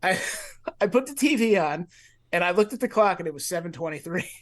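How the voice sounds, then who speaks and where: A man with a higher-than-usual voice tells a long personal story on a casual podcast. He talks loosely, full of fillers and restarts, and acts out his own past thoughts in lively bursts. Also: a little fast. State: grieving. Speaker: podcast co-host.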